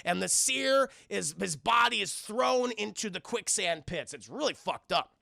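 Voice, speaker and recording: A man's voice: high-pitched, lively intonation, unhurried, vocal fry, pushed and bright, dry recording. A young man streaming a casual, profane film recap, rambling and often addressing his chat, on a close mic. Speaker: film reviewer streaming live.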